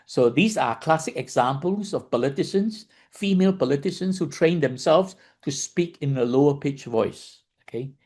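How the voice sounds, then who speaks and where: Here a male meditation teacher teaches the dharma in a somewhat high, expressive, darkish voice at a moderate pace with hardly any pauses. Patient in his explanations, he restates ideas, begins phrases over, and checks in with "okay?" and "right?"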